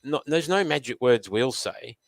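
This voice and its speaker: A man who runs a youth learning program, speaking as a guest and telling lively anecdotes. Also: mid-range voice, moderate pace, gravelly, dry recording. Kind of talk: storytelling conversation.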